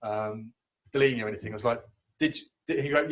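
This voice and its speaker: A man talks quickly in relaxed podcast conversation, spinning anecdotes with frequent laughter. His voice is husky. He rushes through his stories with easy humor. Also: mid-range voice. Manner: chatty storyteller, laughs often. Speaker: podcast guest. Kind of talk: casual chat.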